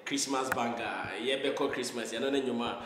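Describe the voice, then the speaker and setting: A man's voice: medium pitch, fairly even intonation, brisk, long reverb tail, noisy background. A man with a Ghanaian accent hosting an interview, upbeat and casual, slipping Twi phrases into his English. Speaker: show host.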